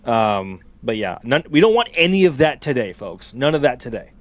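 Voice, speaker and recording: A man's voice: mid-range voice, very animated, moderate pace, no room sound. A man co-hosting a live launch stream, talking in a thoughtful, meandering way. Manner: thoughtful, many fillers and restarts. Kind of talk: casual live-stream commentary.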